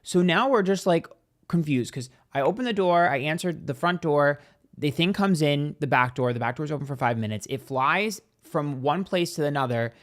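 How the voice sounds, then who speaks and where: On a podcast, a male guest rambles through a lengthy story from his own life, leaning heavily on "like" and performing the dialogue. He speaks at an ordinary pace in an expressive voice that sits on the high side.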